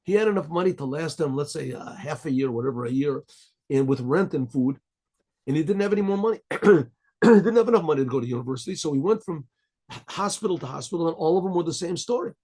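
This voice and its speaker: A man's voice: fairly high pitch, lively intonation, fast talker, darkish tone, husky. A rabbi telling a story in a rambling, chatty way, chuckling as he goes.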